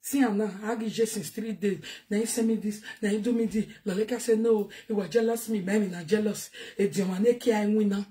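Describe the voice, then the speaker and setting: A woman's voice: mid-range voice, steady tone, brisk, few pauses, warm tone. A Nigerian woman giving a heated monologue to her viewers, scolding and repeating herself, mixing in Yoruba phrases. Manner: ranting, scolding, repetitive, mixes in Yoruba phrases. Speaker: online commentator.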